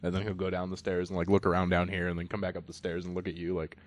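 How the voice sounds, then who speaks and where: Man, low voice, casual podcast co-host, laughs through his anecdotes. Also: monotone, racing, dry recording. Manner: laughing storyteller, rambling anecdotes. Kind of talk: casual chat.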